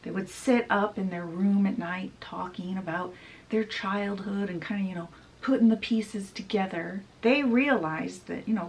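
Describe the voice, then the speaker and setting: A woman's voice: fairly low pitch, creaky, far from the mic, a little hiss or hum, poor audio. A woman book vlogger casually retelling a story in a chatty, storytelling way. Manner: chatty, storytelling, with fillers like "she's like". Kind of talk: casual book summary vlog.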